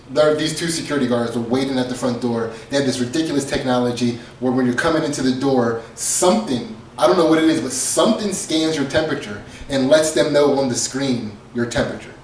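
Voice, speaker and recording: A man's voice: mid-range voice, a little hiss or hum. A man co-hosting a podcast, telling a comedic story casually, laughing often and acting out quotes. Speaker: podcast co-host. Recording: echoey room, far from mic.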